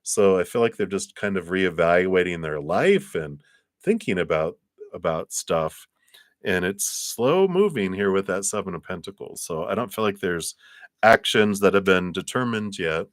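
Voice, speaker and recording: This tarot reader chats his way through live readings for viewers, animated and at a moderate pace, filling gaps with fillers and acting out little imagined conversations in higher voices. The sound is dry and studio-clean.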